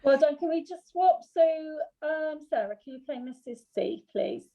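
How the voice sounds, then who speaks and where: A woman's voice: sits high, lively intonation, moderate pace, lo-fi sound. A woman directing a play reading, giving friendly, hesitant notes to her cast. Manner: friendly, hesitant, laughs easily. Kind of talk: giving notes at a read-through.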